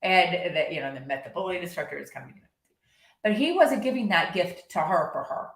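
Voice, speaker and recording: A woman's voice: on the low side, expressive, fairly quick. Chatty woman in an echoey room. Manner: chatty, rambling with restarts. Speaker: horse-based coach. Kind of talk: casual monologue.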